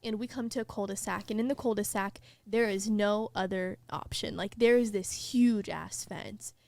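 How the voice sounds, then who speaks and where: Young woman podcast host, chatty and animated, lots of "like", dry sound. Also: medium pitch, normal speed, vocal fry, no echo. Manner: animated storyteller, heavy use of "like", laughs mid-sentence. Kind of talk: casual chat, storytelling.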